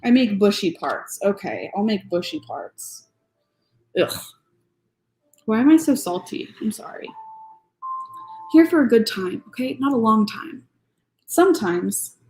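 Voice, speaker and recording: A woman's voice: mid-range voice, low-quality recording. A woman streamer chatting casually and grumbling playfully while she builds a model. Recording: soft music playing behind.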